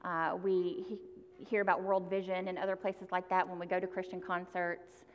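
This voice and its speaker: A woman's voice: lowish voice, flat delivery, moderate pace, big-room sound, muffled recording, a little hiss or hum. A woman giving a sermon, reading a quotation and then explaining it reflectively.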